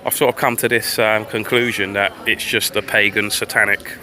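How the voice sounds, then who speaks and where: A man's voice: fairly low pitch, level tone, moderate pace, sharp tone. A man livestreaming a rambling, profane commentary while walking outdoors on a town street. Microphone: phone livestream.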